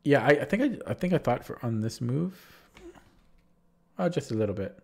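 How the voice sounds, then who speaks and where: With a sing-song delivery, moderate pace, medium pitch, and vocal fry, a man retells his chess games on a livestream. He's sick with a sore throat, and he rambles casually, restarting sentences as he goes.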